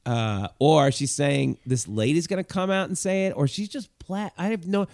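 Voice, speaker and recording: Man, gravelly voice, comedian telling a story, acts out characters, dry close mic. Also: on the high side, normal speed, dry recording. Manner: animated, acts out the people in his story. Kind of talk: podcast storytelling.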